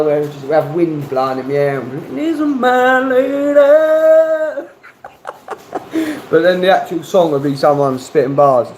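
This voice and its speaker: A man's voice: medium pitch, a little mellow, slight background noise, poor audio. A man chatting casually on a livestream, laid-back, swearing freely and reading chat messages aloud. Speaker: livestream host.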